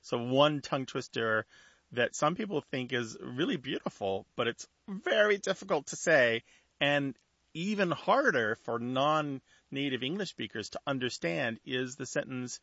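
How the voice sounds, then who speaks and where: A man's voice: mid-range voice, expressive, measured pace, sharp tone, no room sound, dull audio. A man co-hosting a radio call-in show, explaining things in a thoughtful, conversational way.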